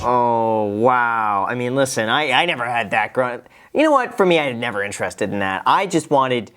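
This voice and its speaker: Man, lively swooping delivery, joking reaction commentary, thirties. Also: mid-range voice, moderate pace. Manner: joking asides with chuckles and restarts. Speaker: host reacting to a video.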